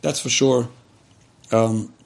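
A man's voice: mid-range voice, fairly even intonation, takes it slowly. A man giving a religious lecture, talking frankly and directly as he gives advice and repeats his points. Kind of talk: earnest spoken advice lecture.

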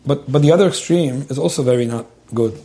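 A man giving spoken advice on relationships, stuttering over his sentence starts and filling pauses with "um". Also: mid-range voice, warm tone. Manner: rapid, repeats words when starting sentences, lots of "um". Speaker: advice speaker answering a listener's question. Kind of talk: advice talk.

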